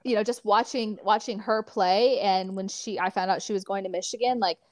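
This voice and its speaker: A woman's voice: medium pitch, moderate pace, no room sound. Chatty young woman athlete, dry sound. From California. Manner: chatty, filler-heavy "like", animated storytelling. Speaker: athlete guest. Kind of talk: casual interview chat.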